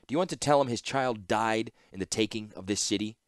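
A man's voice: fairly low pitch, a little fast, no room sound, studio quality, close to an everyday voice. A man voicing a stern, tense male inventor's apprentice who speaks in terse, urgent lines in an audiobook-style fantasy reading.

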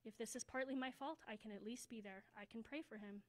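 A woman's voice: fairly high pitch, fairly quick, close to an everyday voice. Woman reading as Benjamin, an earnest young boy. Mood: remorseful. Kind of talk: storybook read-aloud.

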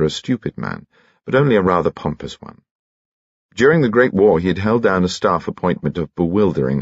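A man narrating an audiobook in an expressive, measured way, recorded close on a studio microphone. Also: sits low, vocal fry, husky, dry recording, highs cut off. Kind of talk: scripted narration.

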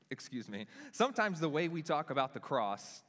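A young adult male pastor preaching a sermon, staging a live demonstration with volunteers, animated and self-deprecating in a casual way. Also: a little slow. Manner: animated, self-deprecating, talks with lively pitch swings. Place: church hall. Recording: long reverb of a church hall.

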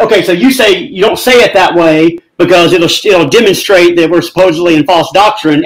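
A man rebutting his opponent in a live debate, indignant and sharp. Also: high-pitched, rough recording.

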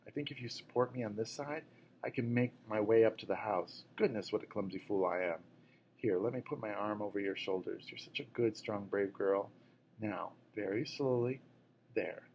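A gentle, worn-out mother with a hurt ankle talks in a soft, hushed way, as a man reading a storybook aloud puts her on. The voice sits low, with a faint hum of room noise behind. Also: normal speed, close to an everyday voice, low-quality recording. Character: injured, tired but brave mother, gentle. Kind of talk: audiobook reading.

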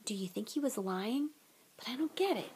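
A woman's voice: fairly high pitch, animated, normal speed, darkish tone, breathy edge. A gloomy teenage wizard from a storybook reading, as a woman voices him. He grumbles in a heavy, put-upon way, complaining about his chores. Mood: grumbling. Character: gloomy schoolboy wizard, freckled best friend.

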